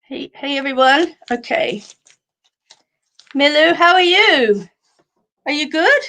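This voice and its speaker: Aussie lady doing live psychic readings, warm and chatty, lots of ums, bit high pitched. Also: animated, takes it slowly. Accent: Australian. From Australia. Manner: warm, chatty, many fillers, calls viewers sweetheart. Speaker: psychic medium host. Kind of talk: live stream card readings.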